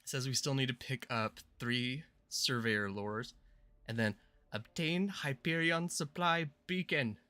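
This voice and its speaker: A man's voice: medium pitch, unhurried, pushed and bright, no echo. A man hosting a casual gameplay livestream, chatting playfully and with hype to his viewers. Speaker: streamer and channel host.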